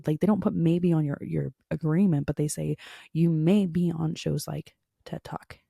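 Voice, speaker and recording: A woman's voice: deep voice, steady tone, moderate pace, creaky, mellow, husky, no room sound, studio quality. A woman hosting a podcast, telling a frustrated story in a casual monologue full of fillers. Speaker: podcast host.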